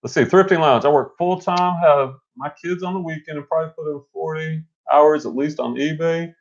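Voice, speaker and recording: A middle-aged man co-hosting a casual live stream, energetic and motivational, rambling with restarts. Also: a little high, a little fast. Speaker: co-host. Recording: dull lo-fi stream audio.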